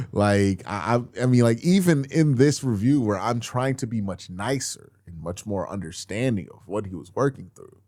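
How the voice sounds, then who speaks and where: Animated man breaking down game film. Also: fairly low pitch, a little slow, no echo, studio quality. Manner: animated, exasperated, swears, addresses viewers as y'all. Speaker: football film breakdown host. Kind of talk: casual film-review commentary.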